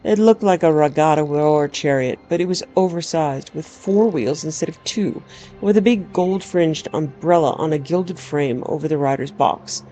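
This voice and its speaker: A woman's voice: low voice, normal speed, dark tone. A woman narrating a first-person story aloud in a wry, dramatic storytelling manner. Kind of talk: storybook reading.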